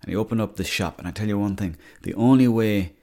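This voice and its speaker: A man's voice: fairly low pitch, quick pace, dark tone. A young Irish man hosting a podcast, telling rambling, sweary comic stories. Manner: swears freely, storytelling. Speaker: podcast host.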